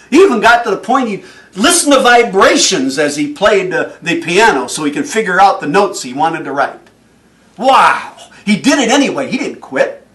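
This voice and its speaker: A man giving a motivational speech, telling stories in an animated way and chuckling often. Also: high-pitched, distant mic. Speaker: motivational speaker.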